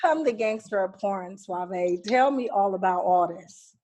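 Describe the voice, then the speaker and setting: A woman host from the San Fernando Valley who talks in an animated, excitable way and often bursts into loud laughter. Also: medium pitch, moderate pace. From the San Fernando Valley, California. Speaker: podcast host. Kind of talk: casual interview chat.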